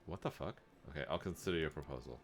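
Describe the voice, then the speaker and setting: Male game streamer, very deep voice, offhand and profane while playing. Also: fast talker. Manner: offhand, swearing, reads text aloud. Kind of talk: casual gameplay commentary.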